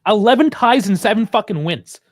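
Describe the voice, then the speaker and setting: Man, high-pitched voice, angry live fan commentary, lots of swearing, frustrated ranting. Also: expressive, brisk.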